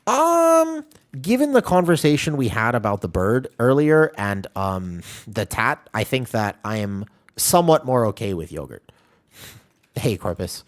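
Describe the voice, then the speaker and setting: A man's voice: on the low side, big pitch swings, normal speed. A man streaming a game, chatting casually and rambling while answering his chat.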